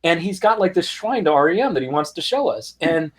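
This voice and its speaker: A man being interviewed as a guest, telling a story in a lively, casual way with frequent ums and restarts. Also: fairly high pitch, fairly quick. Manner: animated anecdote teller, frequent ums and restarts. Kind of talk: conversational storytelling.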